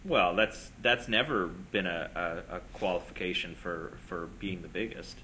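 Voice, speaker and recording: A man's voice: sits low, moderate pace, bright, forceful tone, slight background noise, rough recording. A man co-hosting a casual film talk, making his case in long reasoned runs.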